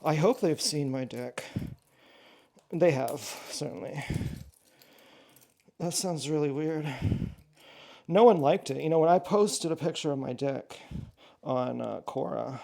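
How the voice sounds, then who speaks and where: A man's voice: fairly high pitch, lively intonation, measured pace, creaky, pauses often, a little mellow. A man rambling in a casual, profane monologue from home, drifting between topics and muttering asides. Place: at home indoors.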